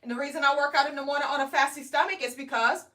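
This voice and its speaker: A woman with a high, bright voice talks to her viewers in a chatty live stream about her weight loss. She keeps checking in with "okay?" and "guys," and she sits some distance from the mic. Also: steady tone, fast.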